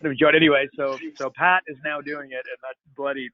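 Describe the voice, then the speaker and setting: A man's voice: mid-range voice, level tone, fairly quick, no echo. A man hosting a casual video-call Q&A, upbeat and jokey, calling people buddy. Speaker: host of a software Q&A call. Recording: tinny phone-like call audio.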